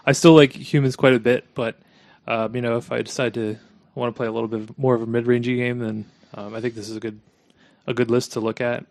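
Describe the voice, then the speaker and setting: A man co-hosting a casual game podcast, talking hesitantly and trailing off quietly. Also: mid-range voice, flat delivery, a little fast, creaky, no room sound. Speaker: podcast co-host. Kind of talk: casual gaming chat.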